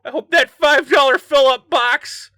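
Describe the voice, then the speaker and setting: A man voicing a sneering male police officer who mocks a suspect loudly. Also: extremely high pitch, a little slow, no echo, studio quality, voice pushed up, heavily acted. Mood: mocking. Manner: insulting, loud and mocking.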